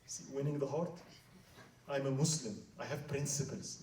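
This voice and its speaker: A man's voice: mid-range voice, steady tone, normal speed, a little mellow, a little hiss or hum. A man telling a story in a dramatic lecture, often asking the audience "right?", in a hall at an Islamic center. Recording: roomy hall, mic at a distance.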